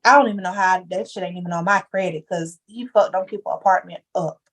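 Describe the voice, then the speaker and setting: A woman's voice: lowish voice, quick pace. A young woman talking candidly as a podcast guest, telling her story with heavy slang and emphasis. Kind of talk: casual chat.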